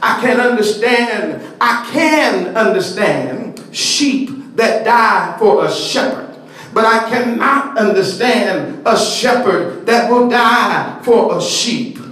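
A man preaching a sermon in a slow, rhythmic cadence, stretching words and rising to shouts. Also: sits high, animated. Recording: echoey hall, mic at a distance.

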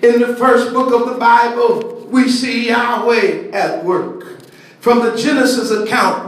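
A high-pitched older man delivers a sermon in a slow, rolling cadence. He draws out his words and rises into shouts. He sounds set back from the mic, and the church hall echoes around him. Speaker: preacher.

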